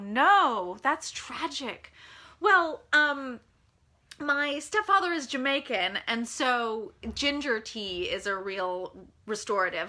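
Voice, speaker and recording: A chatty American woman author answers reader questions in a loose live Q&A. Her voice sits a little high and sounds bright and forceful, and she stays frank and self-deprecating throughout. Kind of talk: casual live Q&A chat. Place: at home in California.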